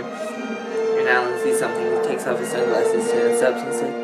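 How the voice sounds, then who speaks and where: A drunk man hosting a rambling comedic movie recap, slipping into squeaky impressions. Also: steady tone, moderate pace, over loud music, poor audio. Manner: slurring, rambling, bursts into shrill squeaky impressions. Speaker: host.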